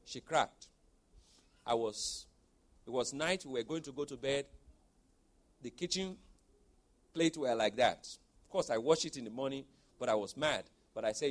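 A man in his forties preaching a sermon, telling a personal story and moving from soft storytelling to loud exhortation. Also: mid-range voice, animated, moderate pace, pauses often.

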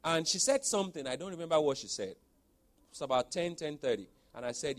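A man in his forties preaches in an animated way, his voice sitting somewhat high for a man. He drops into quiet storytelling, then rises into loud exhortation. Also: fairly quick. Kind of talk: sermon with personal storytelling.

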